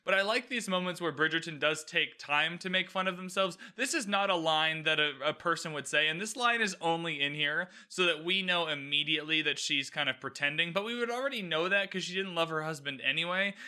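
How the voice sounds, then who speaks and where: A man hosting a podcast, recapping a TV episode in a chatty, animated way with frequent restarts. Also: a little high, brisk, hardly any pauses, clear, resonant tone. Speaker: podcast host.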